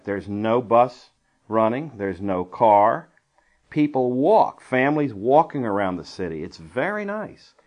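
A man's voice: on the low side, highs cut off. A man teaching a verse-by-verse Bible lesson in a conversational style, with dry asides and digressions. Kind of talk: Bible study lecture.

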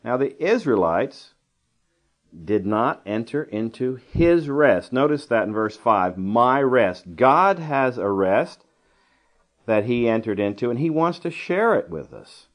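A man's voice: medium pitch, expressive, slow pace. A man teaching a verse-by-verse Bible lesson in a conversational style, with dry asides and digressions. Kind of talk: Bible study lecture.

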